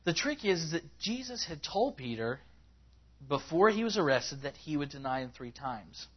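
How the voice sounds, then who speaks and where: A man preaching a conversational sermon to a congregation, acting out people's words in a higher voice as he quotes them. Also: very animated, moderate pace, husky. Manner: conversational, rising in pitch when acting out quotes. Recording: slightly dull, lo-fi recording.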